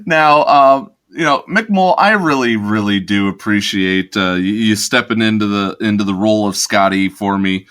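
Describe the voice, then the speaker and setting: A man co-hosting a casual podcast chat, upbeat and quick to laugh, often restarting his sentences. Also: on the low side, a bit bright. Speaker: podcast co-host.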